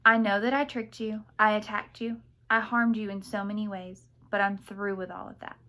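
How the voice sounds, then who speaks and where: A woman voicing a cunning young sorceress who speaks softly and sweetly, sometimes in a put-on Southern drawl. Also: medium pitch, little pitch movement, normal speed, natural voice. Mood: cool, sharp. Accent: put-on Southern drawl at times. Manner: soft, sweet, gentle when coaxing.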